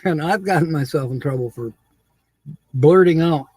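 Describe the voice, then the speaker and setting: A man's voice: on the high side, moderate pace, darkish tone, slightly rough, dry recording. A man hosting a live stream, chatting casually with viewers, laughing often and reading comments aloud.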